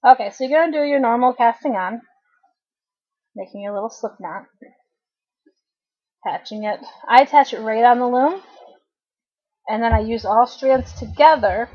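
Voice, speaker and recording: A woman's voice: a little high, a little mellow. Chatty woman in her thirties, lo-fi webcam. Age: 30s. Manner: chatty, clears throat often. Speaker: craft tutorial host. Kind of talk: casual knitting tutorial. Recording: dull lo-fi webcam audio.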